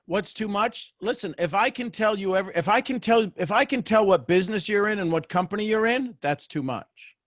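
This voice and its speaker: A man with a fairly high voice gives a motivational talk over a video call. He sounds animated and jokey, restarting lines as he goes. The sound is dry and close. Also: brisk, hardly any pauses, dry recording. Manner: animated and joking, with frequent restarts. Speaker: host of a motivational live show. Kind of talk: motivational talk to a live online audience.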